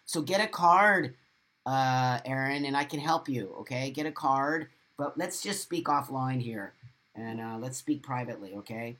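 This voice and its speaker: A man's voice: medium pitch, unhurried, pushed and bright. A middle-aged man hosting a live stream, reading viewer comments aloud and giving blunt, motivational advice with lots of repetition and the odd swear word. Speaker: livestream host.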